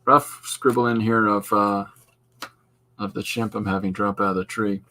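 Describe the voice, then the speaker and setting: Against slight background noise, a middle-aged man from Canada, a podcast host and artist, talks casually while he draws. His pitch is fairly low and his tone sharp, with fairly even intonation at a moderate pace, and he wanders off-topic, restarting his thoughts often.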